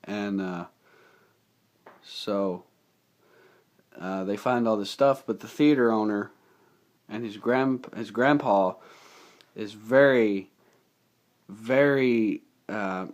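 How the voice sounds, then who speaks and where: A young man with a somewhat low voice talks through a film's plot in a casual, unscripted way. He rambles and gets excited, with plenty of fillers along the way. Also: slow, pauses often. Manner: enthusiastic, rambling, with many fillers. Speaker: movie reviewer. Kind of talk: casual spoken movie recap.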